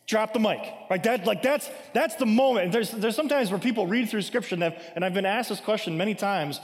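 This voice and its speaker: Male pastor, higher register, casual emphatic sermon delivery with lots of "right?", long hall reverb. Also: quick pace, few pauses. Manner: conversational preaching with frequent "right?" asides; emphatic, acts out scripture quotes.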